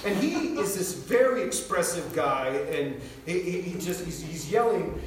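Brief: American male preacher, animated storyteller, high voice, recorded from a distance in a roomy hall. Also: moderate pace, few pauses, a little hiss or hum. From United States. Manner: animated storyteller, shouts when acting out quotes. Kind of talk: sermon with personal story.

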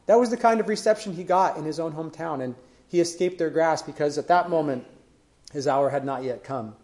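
A man's voice: on the high side, brisk, a little mellow. A man preaching a sermon in an earnest way, building emphasis through questions. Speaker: pastor.

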